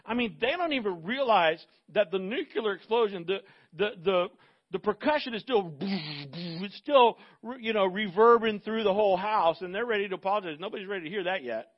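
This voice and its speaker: High-voiced pastor preaching conversationally. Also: male voice, expressive, normal speed, highs cut off. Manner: conversational, emphatic, with rhetorical asides. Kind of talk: sermon.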